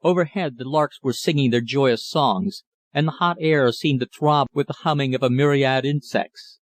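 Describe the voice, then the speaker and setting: A man narrating a classic novel in a measured, literary reading style. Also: mid-range voice, no echo. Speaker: audiobook narrator. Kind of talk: scripted narration.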